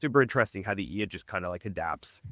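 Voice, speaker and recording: A man's voice: low voice, expressive, quick pace, sharp tone, no room sound, studio quality. A man, a podcast guest chatting casually with an enthusiastic, reflective manner. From Australia. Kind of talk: casual chat.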